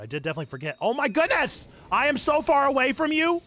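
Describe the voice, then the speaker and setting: A man hosting a live game stream, chatting casually and yelling excitedly at what happens on screen. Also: extremely high pitch, fast talker, hardly any pauses, background noise. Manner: excitable, yelps and shouts at the game. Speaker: streamer host.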